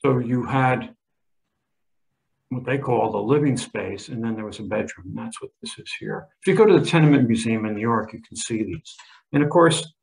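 A man's voice: mid-range voice, vocal fry, poor audio. A man in his seventies, a history professor, giving an emphatic lecture with slides and frequent restarts. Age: 70s.

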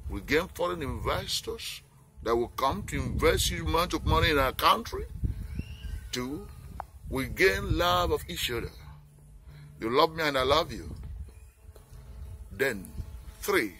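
Nigerian male campaigner, earnest and pleading, bright tense voice that swings widely. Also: fairly high pitch, lively intonation, slow pace, long pauses, a little hiss or hum. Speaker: peace campaigner. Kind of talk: impassioned appeal speech.

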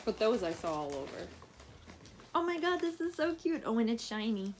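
Young american girl opening presents, super animated squeals, noisy audio. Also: a little high, moderate pace. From USA. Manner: excitable, squealing, gushing. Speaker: gift recipient. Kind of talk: casual unboxing chat. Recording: noisy home recording.

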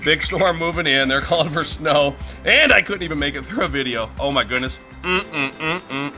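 A man's voice: fairly high pitch, normal speed, pushed and bright, faint music behind. A middle-aged man hosting a casual cooking video in his garage, chatty and laughing often. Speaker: griddle cooking video host. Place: home garage.

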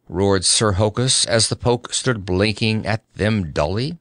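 A man narrating a children's story in an expressive, deliberate reading. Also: on the low side, no echo, clean studio sound. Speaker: audiobook narrator.

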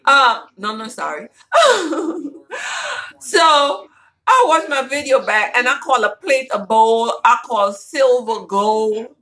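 A woman's voice: a little high, a little slow, pushed and bright, rough recording. A woman vlogger chatting casually and playfully to her viewers while showing a shopping haul.

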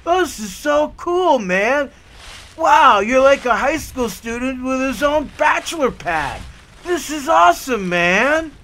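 A man's voice: very high voice, animated, slow pace, bright, forceful tone, a little hiss or hum, pitched above the performer's own voice, heavily acted. A man voicing a tall, friendly, tipsy teenage guy at a party, laid-back and keen, always calling people "man.". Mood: chummy. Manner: laid-back, enthusiastic, keeps saying "man".

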